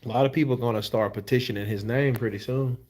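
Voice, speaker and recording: A man's voice: medium pitch, fairly even intonation, quick pace, darkish tone. A tired man hosting boxing commentary, reading viewer comments in a loose, slangy, laid-back way. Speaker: host of a boxing news channel.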